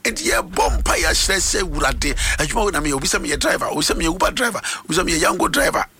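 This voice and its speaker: A man's voice: a little high, expressive, rapid-fire, bright, forceful tone. A man with a Ghanaian accent hosting a radio morning prayer segment, speaking with a fervent, preacher-like delivery and switching between Twi and English. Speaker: radio host.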